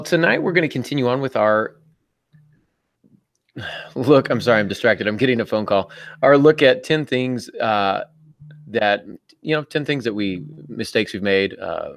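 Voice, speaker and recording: Gravelly, low-voiced man hosting a podcast. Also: dry recording. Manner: chatty, joking, many fillers. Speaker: podcast host. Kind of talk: casual podcast chat.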